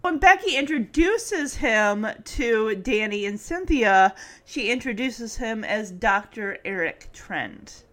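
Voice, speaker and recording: A woman podcaster casually retelling a sitcom episode, chatty and animated, often laughing and quoting the characters. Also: mid-range voice, slow. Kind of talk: casual chat.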